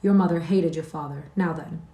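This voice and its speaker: A woman's voice: sits low, a little fast, dark tone, distant mic. A woman voicing a whiny sickly boy. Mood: taunting. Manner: whiny, peevish. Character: sickly petulant whining young boy. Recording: echoey room.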